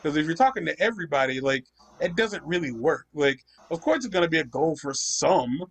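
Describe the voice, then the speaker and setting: A man's voice: fairly high pitch, animated, a little fast, vocal fry, slightly rough. A young man hosting a gaming channel, ranting profanely in casual chat while he plays. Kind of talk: casual chat over gameplay.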